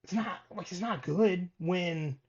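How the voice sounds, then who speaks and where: A man on a casual sports podcast runs through coaching records, stopping and restarting as he goes. His voice sits a little high for a man. The recording is dull and lo-fi. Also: takes it slowly. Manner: reads stats with many ums and restarts. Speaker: podcast co-host.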